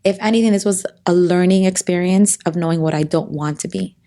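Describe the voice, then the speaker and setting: Low-voiced woman sharing grief earnestly. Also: warm tone. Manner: earnest, tearful at times, halting restarts. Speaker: guest. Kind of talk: emotional interview conversation.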